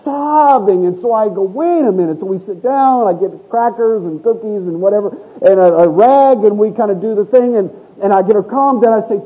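A man's voice: high voice, fairly quick, few pauses, husky. A middle-aged man preaching a sermon in a conversational, storytelling way, asking the congregation questions. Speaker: pastor. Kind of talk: sermon with audience interaction. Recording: thin phone-like audio.

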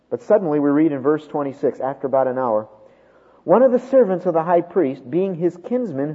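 A man preaching a sermon, with dramatic swings from loud emphasis to hushed tones. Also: a little high, slightly rough. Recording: tinny phone-like sound with long hall reverb.

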